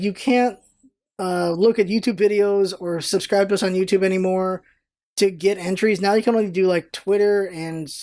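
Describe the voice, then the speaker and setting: A woman vlogs casually to camera in a mid-range, darkish voice. She's chatty, rambles, and corrects herself as she goes.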